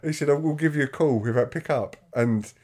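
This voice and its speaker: A man's voice: a little high, brisk, darkish tone. A man, chatting on a podcast. He rambles through his stories, laughs often, and keeps restarting his sentences. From Ipswich, England. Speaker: podcast host. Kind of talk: casual chat.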